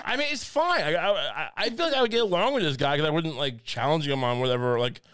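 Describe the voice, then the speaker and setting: A man's voice: fairly high pitch, animated, quick pace, noisy background. Rambling, jokey man on a podcast. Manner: rambling, jokey, stammers and laughs at his own jokes. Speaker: podcast co-host. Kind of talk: casual comedic chat.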